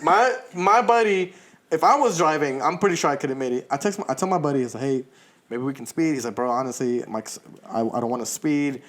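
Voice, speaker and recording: A man's voice: on the high side, brisk, fairly bright tone. A man co-hosting a podcast, telling a long story in casual chat, laughing often and swearing freely. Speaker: podcast co-host.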